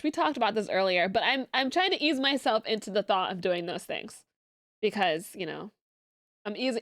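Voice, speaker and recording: A woman streamer chatting casually with her viewers, excitable and quick to laugh, often jumping up into a squealing high pitch. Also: no room sound, studio quality. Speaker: streamer reacting to memes. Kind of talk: casual live-stream chat.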